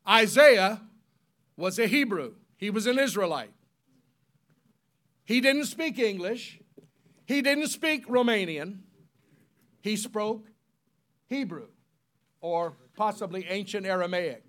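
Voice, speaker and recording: A man preaching a sermon, spelling words out slowly and leading the congregation in call-and-response, swinging from loud emphatic peaks to soft solemn tones. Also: sits high, lively intonation.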